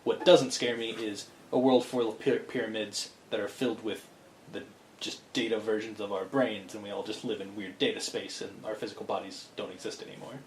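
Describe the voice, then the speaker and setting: A man's voice: fairly low pitch, fairly even intonation, brisk, slight background noise. A man co-hosting a podcast, chatting casually and rambling with enthusiasm, often restarting his thoughts. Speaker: podcast co-host. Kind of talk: casual chat. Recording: echoey room with faint ambience.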